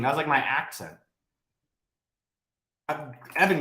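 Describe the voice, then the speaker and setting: A man rambles through a casual live Q&A, swearing freely and riffing off viewers' questions. His voice sits a little high. The room around him gives a noticeable echo. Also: normal speed. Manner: profane, blunt, rambling and animated. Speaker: host of a live Q&A stream. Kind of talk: casual livestream Q&A. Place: home office, livestreaming. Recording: roomy echo.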